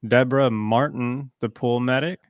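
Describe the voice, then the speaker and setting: A man calmly reading out a list of award nominees on a podcast. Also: medium pitch, normal speed, clean tone, dry recording, phone-quality sound.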